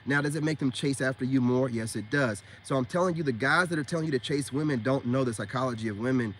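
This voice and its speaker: A man's voice: medium pitch, quick pace, a little hiss or hum. A man in a casual, scolding rant to his viewers, emphatic and slangy, often repeating himself for emphasis. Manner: slangy, calls listeners man and bro. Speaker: self-styled spiritual dating coach.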